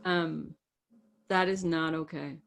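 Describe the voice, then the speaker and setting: A woman's voice: deep voice, steady tone, takes it slowly, creaky. A woman co-hosts a podcast, talking through advice in a direct, emphatic way. She often slips into the lines she suggests people say, then comes back to her own voice. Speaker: podcast co-host, relationship coach. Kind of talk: casual advice chat.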